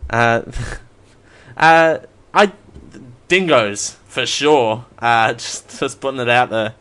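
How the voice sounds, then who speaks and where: Slow, rambling male live-show host. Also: medium pitch, fairly bright tone, clear, resonant tone. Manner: rambling, self-mocking, laughs often. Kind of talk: live stream Q&A.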